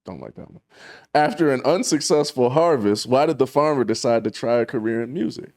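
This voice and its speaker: A man's voice: medium pitch, expressive, a little fast, darkish tone. A man co-hosting a casual talk show, teasing and joking with frequent laughs. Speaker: co-host. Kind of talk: casual chat.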